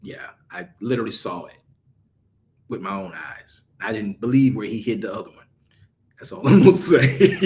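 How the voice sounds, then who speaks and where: A man's voice: lowish voice, normal speed. A man leading an online study group, telling jokes and stories in casual talk before closing with a prayer and blessing. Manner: animated, jokey, turns into a prayer and blessing.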